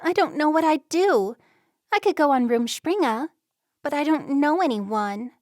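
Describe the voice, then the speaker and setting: A woman voicing a headstrong, upset young Amish woman in an audiobook, speaking in a higher, pleading girlish tone. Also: expressive, measured pace, darkish tone, no room sound, clean studio sound.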